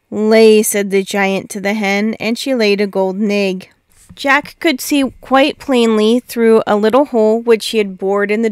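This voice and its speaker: A woman narrating a fairy tale, reading in a measured, steady way. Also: mid-range voice, clear, resonant tone, no room sound, studio quality. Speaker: storyteller. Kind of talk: storybook narration.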